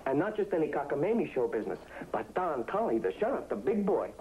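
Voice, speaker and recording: A man's voice: on the high side, fast talker, slight background noise. An actor playing a man who was once a waiter, an eager, boastful dreamer who keeps coaxing and saying "I mean," in a 1960s TV drama. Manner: excited, wheedling, repeats "I mean". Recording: tinny old TV soundtrack.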